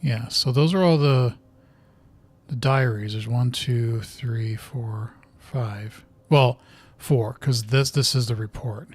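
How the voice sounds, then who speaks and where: A man's voice: mid-range voice, slow, a little mellow, husky. A man giving casual let's-play commentary on a horror video game, thinking aloud and muttering as he reads in-game notes. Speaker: gamer playing through a horror video game.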